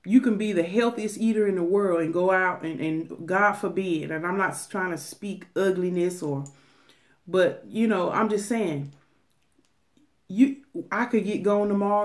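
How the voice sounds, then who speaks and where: A woman's voice: medium pitch, a little mellow. A middle-aged woman, talking casually to camera on an eating channel, emphatic and preachy with many restarts. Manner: emphatic, preachy, drawn-out phrases with repeated restarts. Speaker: mukbang vlogger.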